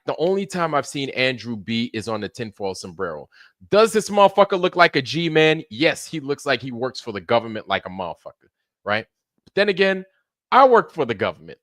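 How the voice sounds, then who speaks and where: A man's voice: medium pitch, pushed and bright, dry recording, studio quality. A man hosting a livestream in casual, rambling chat, swearing freely and laughing often. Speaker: livestream show host.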